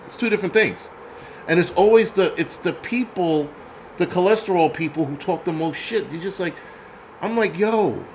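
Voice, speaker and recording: Man, angry ranting commentary, mocking and profane, fairly high pitch, faint hiss behind. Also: moderate pace, low-quality recording. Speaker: host.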